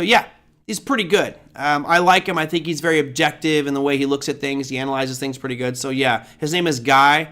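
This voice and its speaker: A man's voice: on the high side, fairly even intonation, a little fast, bright, forceful tone. A man hosting a live trading show, chatting casually as he answers viewer questions off the cuff.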